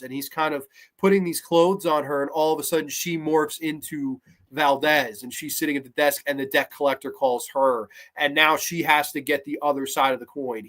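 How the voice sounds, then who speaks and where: A man hosting a podcast, talking through a horror episode in a casual, animated way, with lots of restarts and blunt asides. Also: a little high, moderate pace, few pauses. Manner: animated and chatty, many restarts, asks "right?". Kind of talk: casual spoken review.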